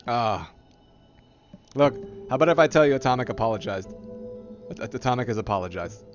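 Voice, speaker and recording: A man's voice: medium pitch, expressive, brisk, highs cut off, faint music behind. Laughing, teasing male game streamer. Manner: playful teasing, laughs often; relays companion's replies aloud. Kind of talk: live game stream chat.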